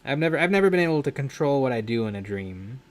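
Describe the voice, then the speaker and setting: Young male streamer, mid-pitched, loose rambling chat with frequent restarts. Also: very animated, fast talker. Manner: rambling, self-correcting, laughs often. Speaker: livestream host. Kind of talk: casual live-stream chat while painting.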